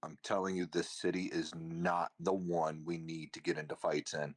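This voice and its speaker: A man's voice: deep voice, little pitch movement, moderate pace. A man voicing a blunt, fight-loving male adventurer who urges the group to be careful. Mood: urging caution. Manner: urgent, cautioning.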